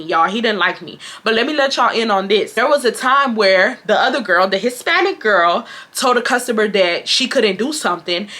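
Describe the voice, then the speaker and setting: A woman's voice: mid-range voice, sharp tone. A young woman from Houston, telling a story to her viewers in blunt, casual chat. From Houston, Texas. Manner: chatty, blunt, addresses viewers as y'all. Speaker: beauty vlogger telling a work story.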